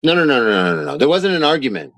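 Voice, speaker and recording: A man's voice: mid-range voice, sing-song, quick pace, fairly bright tone, no room sound. A man ranting angrily in a vlog, heated, profane and sarcastic. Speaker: vlogger. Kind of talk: angry rant reading out documents.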